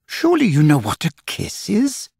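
A man voicing a prim, slightly patronizing young girl in an audiobook, in a raised, husky voice. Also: a little high, huge pitch swings, moderate pace, no room sound, studio quality, pitched above the performer's own voice, heavily acted. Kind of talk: audiobook character voice.

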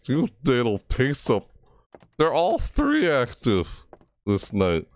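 Slight background noise accompanies this medium-pitched gaming channel host, who speaks slowly with huge pitch swings. Talking through a horror let's play, he grumbles at the game and cries out and yelps when startled.

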